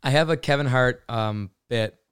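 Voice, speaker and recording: A man co-hosting a podcast in casual chat, reacting with groans and quick comments. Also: medium pitch, a bit bright, clear, resonant tone, no echo, studio quality. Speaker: podcast co-host.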